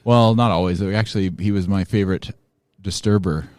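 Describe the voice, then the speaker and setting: A man's voice: sits low, steady tone, a little fast, a little mellow, smooth, no room sound, clean studio sound. A man in his thirties co-hosting a casual podcast, joking and self-deprecating. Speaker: podcast co-host.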